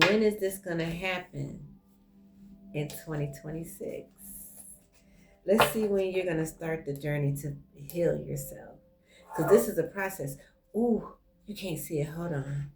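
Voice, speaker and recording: Woman tarot reader, casual and effusive, talks right to the viewer, lowish voice, clear music underneath. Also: a little slow. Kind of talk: casual online tarot reading. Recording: music playing clearly behind her voice.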